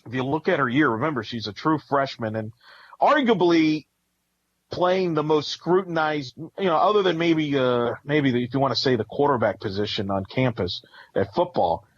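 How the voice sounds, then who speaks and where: A man's voice: medium pitch, lively intonation, moderate pace, no room sound. A man in the middle register analyzes a college team at length, piling up names and numbers as he goes. His audio is slightly muffled and lo-fi. He sounds like a talkative sports podcast host. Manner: rambling analytical, lists stats. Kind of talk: casual sports talk.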